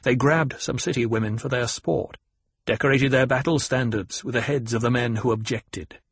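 A man voicing a young rebel leader who speaks firmly and commandingly, in a husky voice. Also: mid-range voice, moderate pace, fairly bright tone, dry recording. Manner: firm, commanding. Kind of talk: audiobook character voice.

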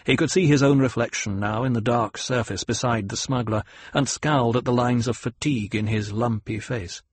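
Male audiobook reader, steady and measured, husky tone, dry close sound. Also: mid-range voice, dry recording. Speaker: audiobook narrator. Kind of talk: scripted narration.

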